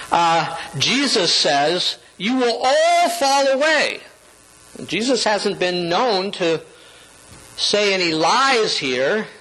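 A man preaching a sermon, quoting scripture dramatically and leaping up in pitch when he quotes. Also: bright, forceful tone, low-quality recording. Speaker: pastor.

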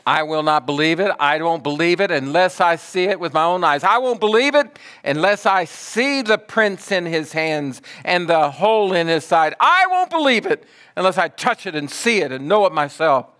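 A man preaching who acts out a doubting disciple, insisting loudly and emphatically that he will not believe. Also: medium pitch, quick pace, natural voice. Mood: defiant.

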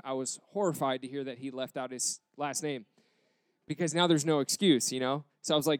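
A man in a casual storytelling style, retelling an embarrassing moment with self-deprecating, animated quoted dialogue. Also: mid-range voice, a little fast, no room sound.

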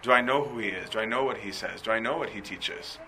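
A man delivers a sermon in a chatty, questioning way, often checking in with his listeners. His voice is low-pitched but bright and pressing. A faint ambient hum sits behind him. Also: fast talker, low-quality recording. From Coptic Christian community. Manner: conversational, rhetorical questions, frequent "right?". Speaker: preacher.

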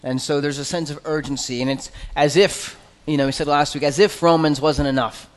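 Man, pastor, sermon, earnest conversational delivery, slightly high pitch, long hall reverb. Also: steady tone. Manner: earnest, conversational preaching with quick asides. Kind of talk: expository sermon.

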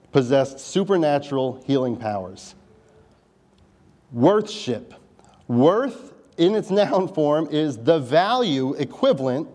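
A man's voice: on the high side, dark tone. A man preaching a sermon in a conversational style, with wry asides to the congregation. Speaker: pastor.

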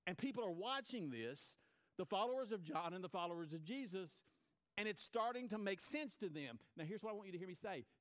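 Animated storytelling preacher, man. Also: sits high, brisk. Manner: storytelling, repeats phrases, acts out quotes. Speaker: pastor. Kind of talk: sermon.

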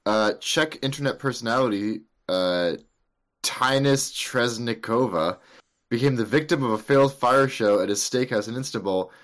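A man's voice: mid-range voice, normal speed, a bit bright. A man co-hosting a podcast, telling stories in a rambling way with frequent swearing. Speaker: podcast co-host. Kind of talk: casual chat.

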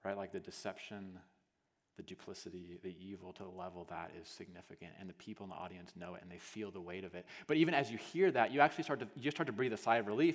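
A male pastor turns his sermon into a vivid story, acting out scenes, swinging from hushed to loud, and dropping plenty of casual "like" fillers. His low voice keeps a steady tone and moves fast, with long hall reverb around it.

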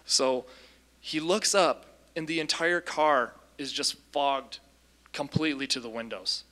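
A man casually recounting a deliverance story as a Christian minister, lively, with frequent ums and restarts. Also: on the high side, measured pace.

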